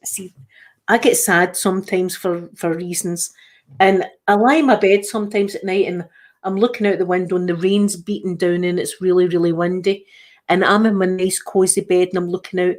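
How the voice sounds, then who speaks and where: A woman's voice: on the low side, fairly even intonation, normal speed. A Scottish woman hosting a casual livestream chat, rambling with lots of restarts. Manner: chatty, rambling, frequent restarts. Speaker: livestream host.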